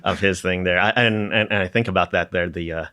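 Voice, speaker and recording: A middle-aged man from the Philadelphia area, a piano educator, reminiscing as a podcast guest with many fillers and soft chuckles. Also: deep voice, fairly even intonation, brisk. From Philadelphia area, United States. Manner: rambling, many fillers, tags sentences with "there"; chuckles through his stories. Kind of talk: casual reminiscing conversation.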